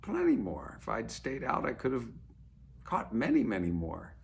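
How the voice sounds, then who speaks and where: A man's voice: medium pitch, huge pitch swings, normal speed, creaky, a little hiss or hum, pitched above the performer's own voice. A man playing a modest, content young fisherman in a told story, easygoing and pleased in his short replies.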